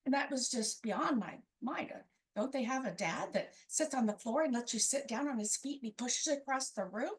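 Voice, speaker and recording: High-voiced woman telling a family story. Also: animated, moderate pace, few pauses. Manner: conversational, wry, acts out family members' quoted lines. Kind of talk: live personal storytelling.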